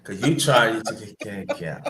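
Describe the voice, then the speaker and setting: A man hosting a casual football chat, animated and swearing, often restarting his sentences. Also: fairly low pitch, a little slow, echoey room, noisy background.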